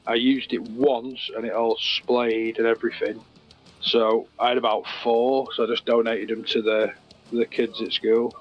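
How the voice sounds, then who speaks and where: A man's voice: mid-range voice, flat delivery, a little slow, lo-fi sound, soft background music. A man, co-hosting in a casual chat, joking and telling rambling anecdotes. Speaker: co-host.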